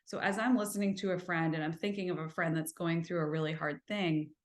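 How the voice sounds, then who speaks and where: An earnest woman hosts a self-help podcast, coaching her listeners and asking them rhetorical questions along the way. Her voice sits slightly low, and the room around her has a noticeable echo. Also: fairly even intonation. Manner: slows and softens when describing gentle listening. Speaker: podcast host.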